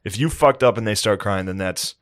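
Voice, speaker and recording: A man's voice: on the low side, brisk, no echo, studio quality. A man co-hosting a comedy podcast, riffing crudely and joking in casual banter. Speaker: podcast co-host. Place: indoor podcast studio.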